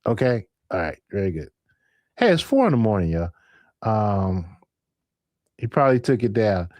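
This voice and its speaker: A man hosting a late-night live stream, rambling, laughing and thinking out loud. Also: lowish voice, big pitch swings, normal speed, no echo.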